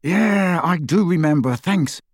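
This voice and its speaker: A man's voice: medium pitch, sing-song, normal speed, darkish tone, no room sound, studio quality. A man voicing a teenage boy wizard in pain, muttering through gritted teeth. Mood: irritated.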